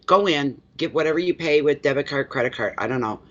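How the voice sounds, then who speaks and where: A man's voice: a little high, expressive, fast talker, fairly bright tone. A man hosting a tarot-reading livestream, chatting casually with viewers in a rambling way and laughing easily. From eastern Canada. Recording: dull lo-fi livestream audio.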